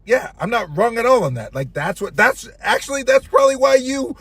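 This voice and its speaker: A man's voice: very high voice, big pitch swings, a little fast, gravelly, a bit bright, breathy edge, dry recording. A young man talking casually while driving, rambling with restarts, frequent laughs and swearing. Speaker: vlogger. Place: in a car.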